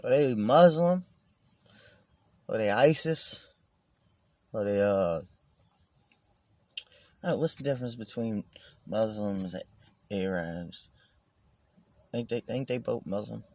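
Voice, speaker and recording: A man's voice: on the low side, slow, pauses often, darkish tone, no room sound. A man vlogging in a casual, meandering monologue, swearing and joking as he goes.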